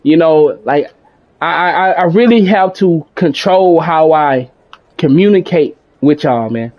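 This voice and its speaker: A man streaming games, talking in a calm, rambling, self-reflective way, with many restarts and some casual swearing. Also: fairly high pitch, takes it slowly, dull audio. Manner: casual speech with mild swearing. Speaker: gaming streamer.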